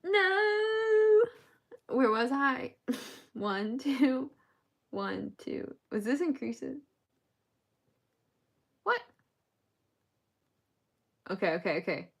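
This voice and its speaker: A woman's voice: a little high, lively intonation, very slow, vocal fry, pauses often, slightly rough. A woman on a casual crochet live stream, counting stitches aloud and laughing between lines as she chats to viewers.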